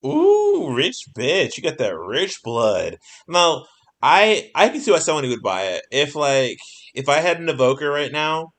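A man co-hosting a casual podcast who talks excitedly, swears freely and laughs often. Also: a little high, measured pace. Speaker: podcast co-host.

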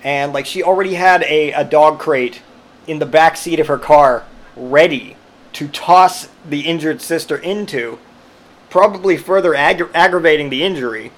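A man's voice: fairly high pitch, normal speed, a bit bright. A man telling a rambling personal story, swearing freely and amused, with lots of fillers and restarts. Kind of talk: casual storytelling monologue.

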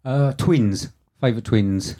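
A man's voice: medium pitch, slow pace, dark tone. A man co-hosting a podcast, chatting casually with plenty of laughs and swearing. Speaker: podcast co-host. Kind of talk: casual chat.

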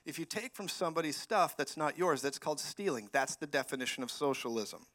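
A man preaching as a guest speaker in a church, animated and swinging between loud declarations and quiet prophetic words. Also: a little high, a little fast. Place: church sanctuary.

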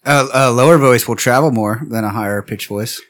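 Brief: young male podcast co-host, average pitch, quick wisecracks. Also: a bit bright. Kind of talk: casual chat.

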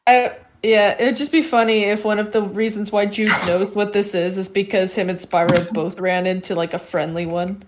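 A woman's voice: medium pitch, little pitch movement, moderate pace, background noise. A woman player teasing and laughing during a tabletop game. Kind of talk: casual tabletop play.

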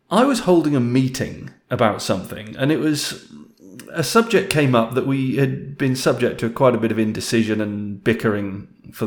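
A man telling a story from his working life in a casual, reflective and self-deprecating way. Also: lowish voice. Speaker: speaker sharing a career story.

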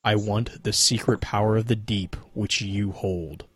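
A man reads a dark myth aloud, measured and solemn. His voice is fairly low and husky, recorded dry and close with no room sound. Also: fairly even intonation, no room sound. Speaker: lore reader.

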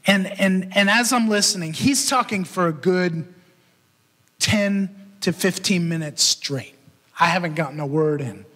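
A male pastor delivers a storytelling sermon with a high-pitched, bright, forward voice. He is animated and acts out the voices in his story. The sound rings with the long reverb of a large hall. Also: a little slow. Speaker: pastor and podcast host.

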